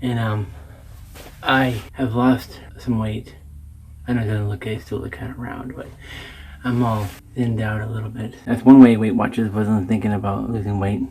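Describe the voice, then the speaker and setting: A man's voice: lowish voice, level tone, moderate pace, dark tone, a little hiss or hum. Chatty man rambling about movies at home. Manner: rambling, self-deprecating, chatty. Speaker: vlogger. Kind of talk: casual chat about movies.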